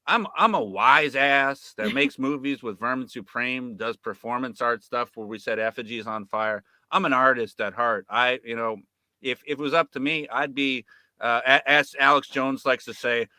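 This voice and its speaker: A man's voice: medium pitch, sharp tone, clean tone, no room sound. A man, a filmmaker guest, telling a story in casual talk, profane and sarcastic, with lots of fillers and restarts.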